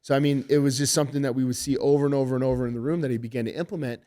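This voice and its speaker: A man's voice: mid-range voice, rapid-fire. A middle-aged man, a fight coach, telling stories with heavy swearing in a casual podcast interview. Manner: animated, profane storytelling. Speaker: MMA head coach.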